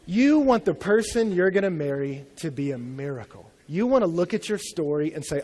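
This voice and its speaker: A man's voice: a little high, big pitch swings, normal speed, hardly any pauses, a little mellow. A young adult man preaching a sermon as a pastor in a conversational, humorous storytelling way.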